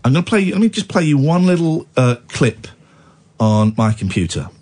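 A man's voice: on the high side, big pitch swings, moderate pace, darkish tone. A man hosting late-night talk radio, tired with a cold, talking in a playful, mock-indignant way. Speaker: radio host.

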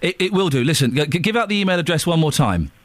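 A man's voice: fairly high pitch, animated, quick pace, dry recording. A man hosting a live radio phone-in, chatty and jokey, who stumbles over his words now and then. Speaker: radio host.

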